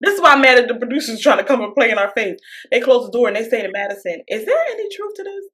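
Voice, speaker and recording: A woman's voice: a little high, racing. A woman co-hosting a podcast, casually and animatedly retelling a reality show and acting out what people said, with frequent laughter. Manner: animated storyteller, acting out quotes; laughs often. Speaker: podcast co-host.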